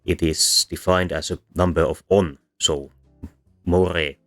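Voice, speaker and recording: Deep-voiced man lecturing with hesitant pauses. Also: steady tone, a bit bright, faint music behind. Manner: hesitant, many ums and self-corrections. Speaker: language teacher. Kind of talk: explanatory lecture while drawing.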